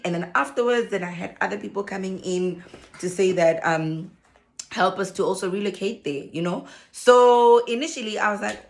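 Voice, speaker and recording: A South African woman talking casually to camera as a vlogger, telling her story with lots of laughter. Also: mid-range voice. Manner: animated storyteller, laughs often. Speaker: vlogger and social worker.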